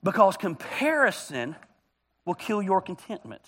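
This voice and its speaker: Lively husky pastor. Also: male voice, high-pitched, unhurried. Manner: joking, chatty, teasing the congregation. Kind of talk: humorous sermon storytelling. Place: church auditorium.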